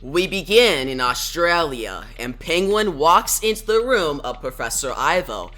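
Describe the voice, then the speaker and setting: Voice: mid-range voice, unhurried. A host recapping a comic book issue in a casual, emphatic way, with faint music underneath. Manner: excited, emphatic recap with rising bursts.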